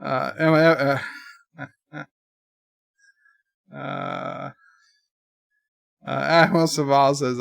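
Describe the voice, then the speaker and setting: A man hosting a casual livestream, rambling through deadpan joke answers to viewer messages in a put-on mock accent. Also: mid-range voice, extremely slow, vocal fry, long pauses, no echo, studio quality. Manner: rambling, jokey deadpan nonsense. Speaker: livestream host.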